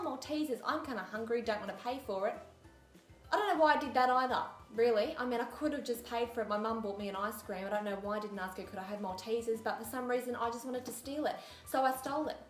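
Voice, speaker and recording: A young woman telling a story in a casual, chatty vlog, sarcastic and acting out the lines of people in it. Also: mid-range voice. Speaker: beauty vlogger. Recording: echoey room with faint music.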